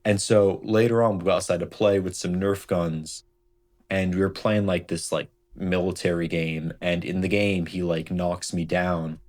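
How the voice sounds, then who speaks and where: A man's voice: low voice, level tone, normal speed, darkish tone. A young man telling a casual story from his childhood, rambling and padding his talk with "like" and "right?". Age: young adult. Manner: rambling, heavy on fillers like "like" and "right?". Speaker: storytime vlogger.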